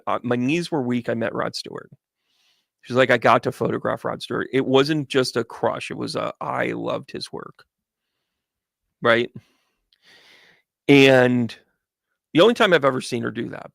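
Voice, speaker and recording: A man hosts a livestream as a medium, telling long, rambling stories with lots of animated asides and restarts. His middle-pitched voice has a gravelly edge. It is recorded dry and close, with no room sound. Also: no room sound. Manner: rambling, animated, chatty storytelling. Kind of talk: casual livestream chat.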